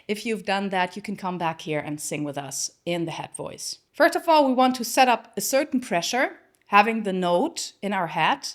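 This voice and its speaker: A woman voice coach explaining singing technique step by step, with a slightly turn of phrase, now and then breaking into short sung examples. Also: medium pitch. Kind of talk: singing lesson with sung demonstrations.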